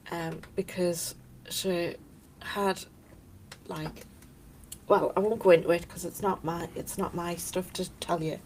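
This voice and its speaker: A woman's voice: on the low side, gravelly, a little hiss or hum, rough recording. A woman talking casually to camera in a chatty, rambling way, drifting off topic and laughing often. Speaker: vlogger.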